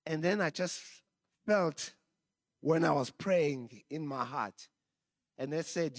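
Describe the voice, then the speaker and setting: A man's voice: fairly high pitch, takes it slowly, pauses often, no echo, clean studio sound. A man preaching a sermon, telling a personal story and chuckling often.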